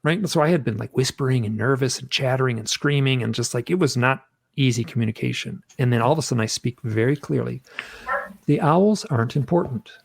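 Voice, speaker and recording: A man with a middle-pitched voice and a gravelly edge. He tells his story as an interview guest, animated, acting out the voices of the people in it. He sounds dry and close. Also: fast, hardly any pauses, dry recording. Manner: animated, acts out his own shouting and quotes.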